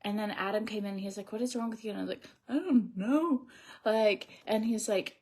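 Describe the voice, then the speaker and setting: During a casual get-ready-with-me stream, a thirtysomething beauty vlogger talks in a meandering way while doing her makeup, often lowering her voice nearly to a whisper. She speaks fairly quickly in a mellow, medium-pitched voice, and there's a little hiss or hum.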